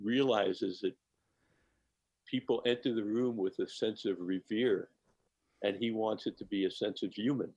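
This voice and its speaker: Man with a deep husky voice, warm animated storyteller guest, dry close mic. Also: a little slow, dry recording, highs cut off. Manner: animated storyteller, laughs often. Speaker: guest chef. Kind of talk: personal anecdote in interview.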